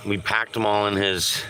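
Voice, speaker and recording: Slow-talking man with a bright voice. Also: on the low side, level tone, slight background noise. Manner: slow, easygoing, talks baby-talk to his dog. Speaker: live streamer. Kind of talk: casual live-stream chat.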